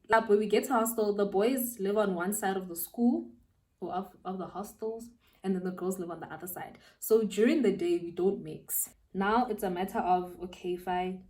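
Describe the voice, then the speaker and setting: Recorded from some distance, this young South African beauty vlogger has a mid-range voice and a moderate pace. She laughs as she tells an animated, slangy story while applying her makeup.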